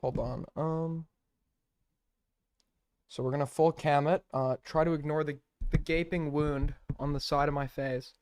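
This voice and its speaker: A man's voice: on the high side, fairly even intonation, unhurried, darkish tone, clean tone, no room sound, clean studio sound. A man hosting a live stream, mocking what he watches in profane, ranting commentary. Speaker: streamer host.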